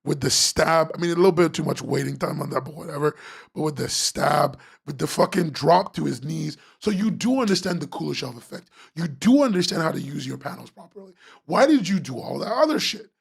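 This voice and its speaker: A man's voice: a little high, animated, fairly quick, gravelly, slightly rough. A man hosting a webcomics podcast, ranting sarcastically as he critiques comic pages, swearing and laughing.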